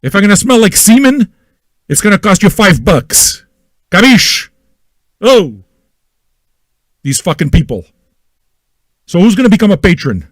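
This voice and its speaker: A manic, foul-mouthed male radio host talks straight at his listeners and keeps firing questions at them. His voice is fairly high and leaps all over the place as he swings between yelling and muttering. The sound is dry and close, with no room around it. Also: sing-song, a little slow, pauses often, no room sound. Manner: loud, manic and crude, with yelling and repetition. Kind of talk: profane ranting monologue.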